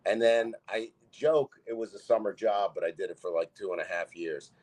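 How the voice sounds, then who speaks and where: A man's voice: lowish voice, steady tone, a little fast, hardly any pauses, darkish tone, poor audio. A man from Canada, a comedian appearing as a podcast guest, who tells rambling comic anecdotes in casual talk. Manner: rambling anecdotes with bursts of laughter.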